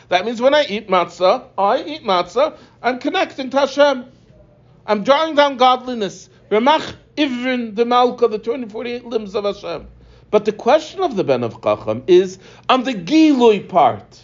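A man's voice: high-pitched, sing-song, normal speed. A man teaching a religious text line by line, explaining and asking rhetorical questions. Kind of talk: text-study lesson. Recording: dull lo-fi recording.

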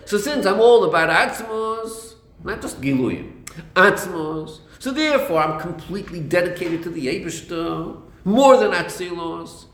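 A man's voice: high voice, lively intonation, unhurried, fairly bright tone. A man teaching a text study lecture on a Chassidic discourse. He searches for words, repeats himself and uses many Yiddish and Hebrew terms. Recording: echoey room.

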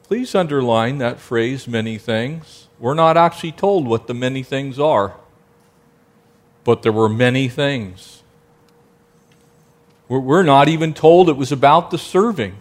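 A man preaching a sermon, asking the congregation rhetorical questions and now and then dropping to a soft, gentle tone. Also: medium pitch, measured pace. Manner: drops to a soft, gentle tone for quiet passages. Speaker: pastor.

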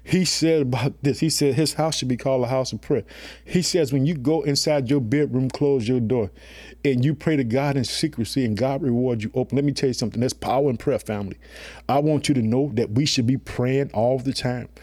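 Speaking briskly in a mid-range, somewhat dark voice, a man gives an emphatic, conversational sermon. He refers to his listeners as family and frequently says "guess what" and "let me tell you something."

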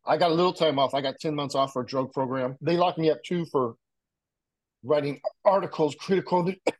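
Brisk and a little high-voiced, this middle-aged man from the United States is a writer appearing as an interview guest. He coughs from a bong while casually telling stories of his past, his slangy speech full of "like" and "you know."

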